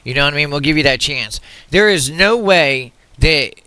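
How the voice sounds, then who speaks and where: A man's voice: on the high side, animated, normal speed, bright, forceful tone, clean tone, no room sound. A man ranting heatedly to his viewers, agitated and repetitive, often swearing and restarting his sentences. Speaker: political commentary vlogger. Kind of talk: heated rant to camera.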